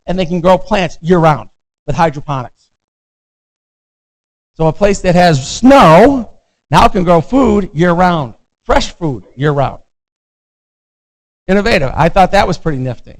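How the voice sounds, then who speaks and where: American guy prof, middle-aged, slightly high voice, casual lecture, keeps checking in with students. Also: rough recording. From United States. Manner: conversational, keeps checking in with "all right?". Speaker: visiting professor.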